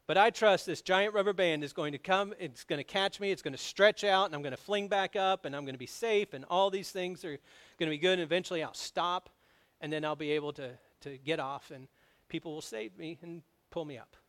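Animated storytelling male pastor. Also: on the high side, a little fast. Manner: storytelling, animated, grows loud on emphasis. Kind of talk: sermon.

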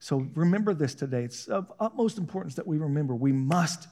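A man with a high voice preaches a sermon in a casual, folksy manner. He keeps asking his listeners questions and pushing for a response, and his emphasis climbs as he goes. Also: lively intonation, brisk. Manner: call-and-response, rising to shouted emphasis; conversational, folksy preaching with laughs.

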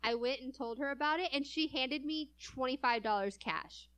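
A woman's voice: high voice, normal speed, a bit bright. Giggly, chatty woman co-host. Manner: giggly, chatty, with dry sarcasm. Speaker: podcast co-host. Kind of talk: casual chat and reading out stories.

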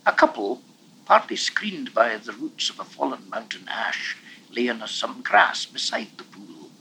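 A man narrating a novel in an expressive, measured reading voice. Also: mid-range voice, gravelly, slight background noise, low-quality recording. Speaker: audiobook reader. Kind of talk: storybook narration.

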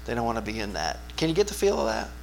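A man preaching a sermon as pastor, talking conversationally and asking his listeners questions, swinging from hushed asides to loud, emphatic bursts. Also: medium pitch, wildly swooping pitch, very fast, gravelly, slight background noise. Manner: conversational, asks the congregation questions.

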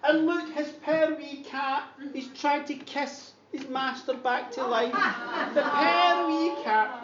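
A Scottish woman telling a comic horror story in an animated, dramatic way, often laughing. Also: high-pitched, takes it slowly. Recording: echoey distant dull recording, noisy.

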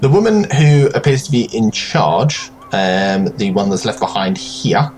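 A man narrating as game master of a tabletop role-playing game, calm and measured. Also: lowish voice, soft background music.

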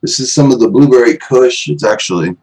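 A man with a mid-pitched voice speaks as a panelist on a live stream. He sounds laid back and unhurried. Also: a little mellow, breathy edge, rough recording. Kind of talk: casual chat.

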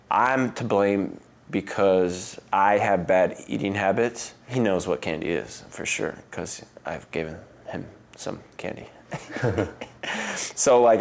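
Chatty man telling stories, low voice. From United States. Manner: animated storyteller who acts out quotes with a jump in pitch; loose and chatty, laughs often. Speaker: interview guest, athlete. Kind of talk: casual interview storytelling.

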